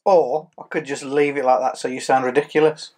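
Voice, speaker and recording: A man in casual chat as co-host, teasing his partner in a dry, deadpan way. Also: mid-range voice, a little fast.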